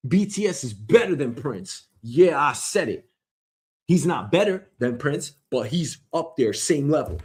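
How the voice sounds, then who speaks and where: Rambling and profane, this host of a solo comic news show argues with a listener who isn't there. His voice sits a little high, sing-song and darkish with a breathy edge, moving at a measured pace.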